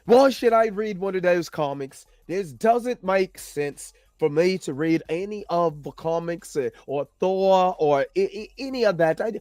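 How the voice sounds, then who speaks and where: A man putting on a smug male filmmaker with a broken British accent, in a mocking, drawn-out impression. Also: high voice, lively intonation, a little mellow, no room sound, studio quality.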